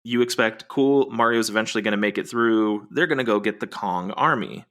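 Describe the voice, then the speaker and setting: A man's voice: fairly low pitch, a little fast, fairly bright tone. A man co-hosting a podcast, playfully recapping a movie's plot and teasing his co-host.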